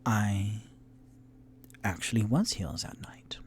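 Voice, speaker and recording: A man voicing a suave, elegant female tiefling in a tabletop game, speaking slowly in a low, breathy near-whisper. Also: lively intonation, darkish tone, a little hiss or hum.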